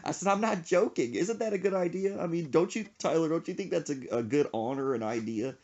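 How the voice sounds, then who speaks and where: A young man hosting a podcast, telling a comic story in a casual, animated way. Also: on the high side, a little fast, few pauses. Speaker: podcast host.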